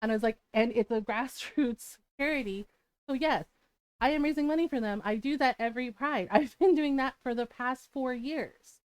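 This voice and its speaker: A high-pitched young woman talks to her livestream chat, frank and unfiltered, with laughs dropped between sentences. Her voice sits close and dry on the mic, with no room sound. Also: normal speed, a little mellow, smooth, dry recording. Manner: frank, blunt, swears freely, laughs between lines. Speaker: streamer. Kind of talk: casual storytelling on a livestream.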